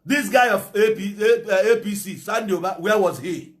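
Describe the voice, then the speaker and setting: A man's voice: high-pitched, moderate pace. A Nigerian man with an Igbo English accent giving a fiery, preachy monologue and slipping into Igbo phrases. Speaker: political commentator. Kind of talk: impassioned monologue.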